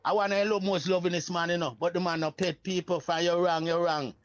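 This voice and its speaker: A Jamaican man speaks as a Rastafari priest, high in pitch and full of animated emphasis. His talk is casual reasoning in patois. The sound is muffled and close, with no room echo. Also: brisk.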